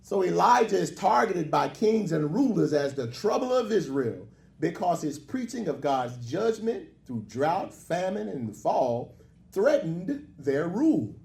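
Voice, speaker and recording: A man's voice: high voice, sing-song, measured pace, vocal fry, darkish tone. A man, a minister, preaching a lecture-style sermon with joking asides and call-and-response. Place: hall with a live congregation. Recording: echoey hall.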